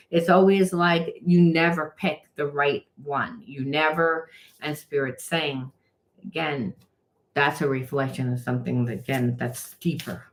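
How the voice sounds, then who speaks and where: A woman's voice: very deep voice, steady tone, unhurried, rough recording. A middle-aged woman giving a casual spoken tarot reading, frank and rambling, with lots of fillers and the odd curse word. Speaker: tarot reader and trauma coach.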